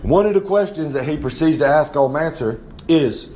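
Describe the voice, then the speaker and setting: A man's voice: on the high side, lively intonation, moderate pace, darkish tone, a little hiss or hum. Boastful man rambling about himself. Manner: boastful, talks about himself in the third person; drawling, rambling storyteller with frequent asides. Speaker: recurring segment guest. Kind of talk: rambling in-character wrestling promo.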